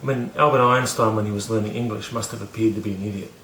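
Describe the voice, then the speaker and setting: A man's voice: on the low side, fairly even intonation, fast talker, a bit bright, echoey room, slight background noise. A man casually telling a story to camera, rambling with many fillers and restarts, poking fun at himself. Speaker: vlogger teaching about learning.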